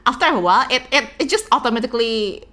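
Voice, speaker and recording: Giggly Indonesian woman streamer, bright. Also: fairly high pitch, animated, fast, faint music behind. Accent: Indonesian English with a touch of Singlish. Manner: chatty, giggly, lots of fillers. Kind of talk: casual chat.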